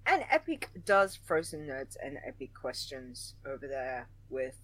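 A woman's voice: rumbling low, sing-song, a little slow, dry recording, poor audio. Woman podcast co-host, giggly and chatty, dry close sound. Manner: giggly, chatty, thanks listeners warmly. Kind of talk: casual podcast chat.

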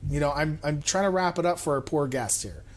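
A man's voice: fairly high pitch, lively intonation, brisk. A man hosting a podcast, talking in a loose, casual way. He rambles and often pokes fun at himself. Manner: rambling and self-deprecating. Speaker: podcast host. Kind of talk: casual chat.

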